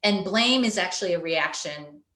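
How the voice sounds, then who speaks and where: A woman's voice: on the low side, animated, moderate pace, bright, forceful tone, roomy sound. A woman parenting coach giving an earnest webinar talk over a video call, often acting out a stressed parent's inner thoughts. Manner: earnest, explanatory, acts out quoted parent thoughts. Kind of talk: webinar presentation.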